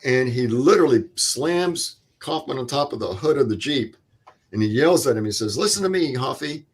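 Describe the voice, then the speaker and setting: An older veteran speaks in an interview at an ordinary middle pitch. He tells his story in a plain, unhurried way, acting out what others said and stopping now and then to recall details. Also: breathy edge. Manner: plain vivid retelling with quoted dialogue and pauses. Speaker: veteran guest.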